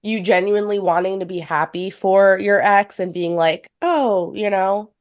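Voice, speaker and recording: Young female co-host, mid pitch, reactive and emphatic. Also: steady tone, clear, resonant tone, no room sound, studio quality. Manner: reactive, quick agreeing interjections. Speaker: podcast co-host. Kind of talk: casual chat.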